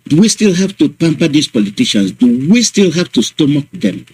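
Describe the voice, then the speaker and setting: A man's voice: on the high side, very animated, moderate pace, a little mellow, breathy edge, poor audio. A man hosting a radio call-in show, asking probing questions with hesitant restarts.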